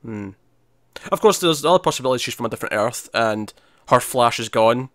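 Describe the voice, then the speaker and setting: A man's voice: medium pitch, expressive, brisk, fairly bright tone, no room sound, clean studio sound. A man co-hosting a podcast in casual chat, chatty and laughing often, acting out quotes as he talks. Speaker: podcast co-host.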